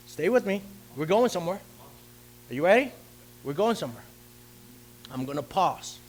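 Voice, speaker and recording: A male pastor preaching a lively sermon, acting out the story's characters and calling out questions to his congregation. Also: high-pitched, moderate pace, pauses often, slight background noise. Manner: theatrical, asks the congregation questions. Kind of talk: animated sermon with acted-out voices.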